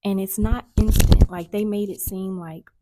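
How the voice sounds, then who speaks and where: A woman's voice: mid-range voice, steady tone, moderate pace, very noisy. A woman talking straight to camera as a spiritual coach, earnest and searching, with many restarts and sudden whispers. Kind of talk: casual vlog monologue.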